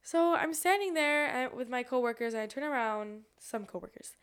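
A woman in her twenties, co-hosting a podcast, telling stories in casual chat with an excitable, animated manner. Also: sits high, normal speed, clean tone. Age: 20s. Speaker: podcast co-host.

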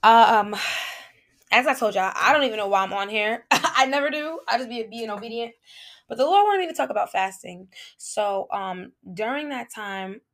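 A woman hosting a podcast, telling a casual faith testimony in an animated, colloquial way and speaking straight to her listeners. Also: on the high side, moderate pace. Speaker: podcast host.

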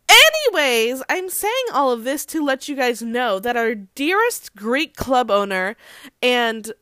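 A woman's voice: high voice, fairly bright tone, no echo, clean studio sound. A woman hosting casual celebrity gossip talk, chatty, leaning on "like" constantly, with swearing and laughing asides. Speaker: host.

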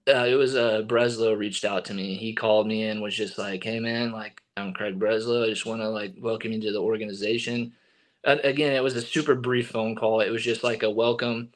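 A young man in his twenties, a baseball pitcher telling his story as a guest in a casual, rambling way, full of fillers. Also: fairly even intonation, brisk, rough recording.

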